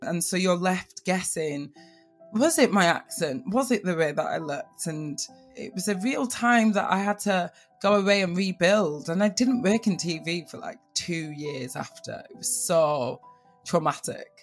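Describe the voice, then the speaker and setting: Northern English woman, TV presenter type, low-pitched, animated personal storytelling. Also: a little slow, faint music behind. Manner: animated, lively voice changes for quoted speech.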